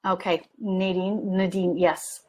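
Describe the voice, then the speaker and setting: A woman's voice: lowish voice, takes it slowly. A middle-aged woman coaching parents in a live training talk, telling stories and acting out the people in them. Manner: animated storytelling, acts out scenes in lively voices.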